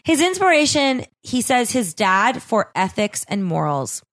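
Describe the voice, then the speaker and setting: A woman's voice: a little high, big pitch swings, a little slow, a bit bright. A woman on a casual podcast, sarcastic and blunt, swearing freely while she rips into people. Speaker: podcast guest.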